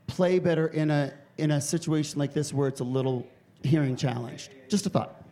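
A man judging at a live comedy show in a club, wry and measured, telling stories and giving notes. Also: fairly high pitch, fairly even intonation, warm tone.

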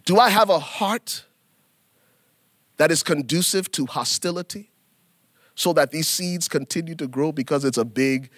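A man preaching a sermon in an animated, folksy way, turning to the congregation and acting out little scenes. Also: a little high, measured pace, pauses often, no echo, studio quality. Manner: animated preaching with acted asides; folksy, addresses congregation as y'all. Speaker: pastor.

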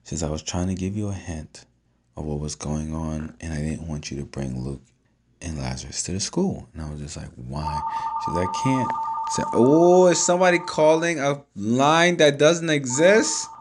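At home, a man with a low-sitting voice tells a long story at a moderate pace against a noisy background. He's casual, slangy, and profane, animatedly acting out each person's lines.

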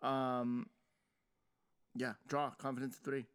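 A man's voice: medium pitch, level tone, slow pace, a bit bright, clear, resonant tone. A man co-hosting a casual chat show, talking playfully and building up suspense before his picks. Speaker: podcast co-host.

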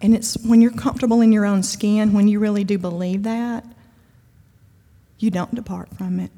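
A woman's voice: mid-range voice, steady tone, moderate pace, warm tone. A woman giving a conversational, emphatic sermon-style talk at a church event, with humor and frequent asides. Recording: long hall reverb.

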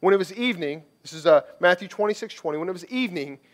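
A man's voice: high voice, animated, fast talker. A male pastor preaching a conversational sermon, slipping into the voices of people he quotes.

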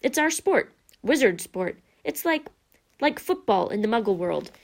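A woman reader voicing a gruff, big-hearted giant groundskeeper who drops his g's and talks in a hearty, folksy way. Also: fairly high pitch, sing-song, a little slow, exaggerated voice.

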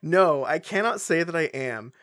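A podcast host reading a novel aloud, voicing a calm, formal old male headmaster. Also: mid-range voice, moderate pace, no echo, studio quality, close to an everyday voice. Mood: calmly wry.

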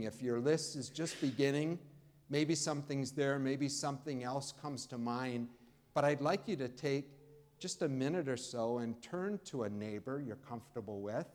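Man preaching a conversational sermon. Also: medium pitch. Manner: preaching, warm conversational pauses, emphatic rises. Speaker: pastor. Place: church.

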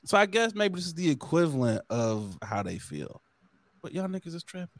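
Animated man, lively high voice. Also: fairly quick, no echo. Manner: animated storytelling, acts out quotes in a high voice. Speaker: podcast co-host. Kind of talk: casual chat.

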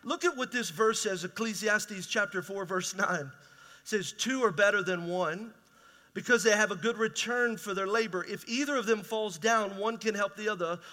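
A man's voice: high-pitched, normal speed, sharp tone. A man preaching a conversational, emphatic sermon as pastor in a large church hall.

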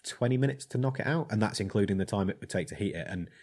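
Rambling blacksmith, lowish voice. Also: male voice, expressive, fast, a little mellow. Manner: rambling, hesitant with many ums. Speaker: blacksmith, guest. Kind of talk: casual chat.

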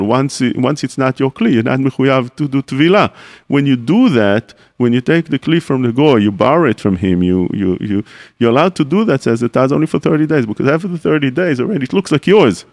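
Man teaching a rabbinic class. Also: medium pitch. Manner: explanatory, poses questions then answers them; mixes Hebrew terms into English. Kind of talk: radio Torah class.

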